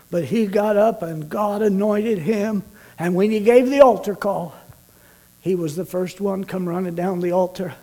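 A man preacher telling a story in a sermon, swinging from loud, urgent bursts to hushed, slow passages. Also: sits high.

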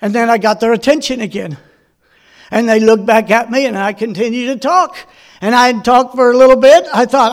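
A man's voice: very high-pitched, a little fast. A middle-aged man preaching a sermon, telling folksy personal stories and asking the congregation questions. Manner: folksy storytelling with personal anecdotes. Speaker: pastor.

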